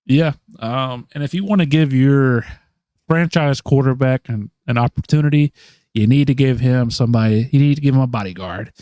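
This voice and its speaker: A man's voice: medium pitch, normal speed, dark tone, no room sound. Man thinking aloud with ums, dry sound. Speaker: podcast co-host. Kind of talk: casual mock-draft chat.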